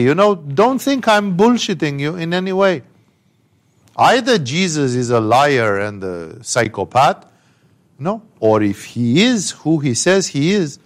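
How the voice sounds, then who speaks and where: Man, higher voice, spiritual teacher, emphatic, chatty commentary on scripture. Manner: conversational, emphatic, rhetorical asides.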